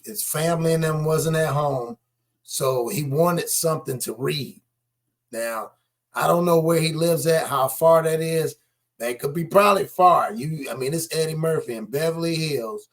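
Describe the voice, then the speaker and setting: A man's voice: fairly high pitch, unhurried. Skeptical man reacting to clips. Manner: skeptical, animated, talks straight to viewers. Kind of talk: casual reaction commentary.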